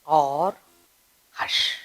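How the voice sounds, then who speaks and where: A woman teaching a grammar lesson for children, slowly acting out example sentences with expressive exclamations. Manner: slow, deliberate teaching delivery.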